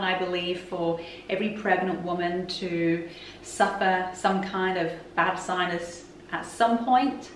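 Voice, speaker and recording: A woman's voice: on the low side, fairly bright tone, a little hiss or hum. A woman vlogger chatting frankly and openly to camera. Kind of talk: casual chat to camera. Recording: roomy echo, voice from a distance.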